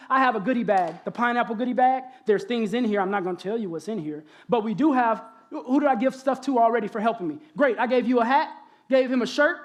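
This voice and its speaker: A young man from Texas with a Southern accent, giving an animated spoken-word poem and talk as a college guest speaker, speaking directly to the audience. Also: very high-pitched. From Galveston, Texas. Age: young adult. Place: college convocation auditorium.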